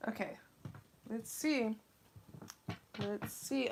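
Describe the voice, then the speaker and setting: A woman's voice: mid-range voice, a little slow. A woman with an American accent doing a live tarot reading, chatting and teasing with viewers as she thinks aloud. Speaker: tarot reader.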